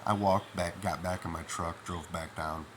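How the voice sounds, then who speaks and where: A man's voice: low-pitched, fairly even intonation, normal speed, a bit bright, a little hiss or hum. A middle-aged man, half asleep, rambling through a first-person story with lots of fillers. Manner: rambling, with many fillers like "you know" and "man".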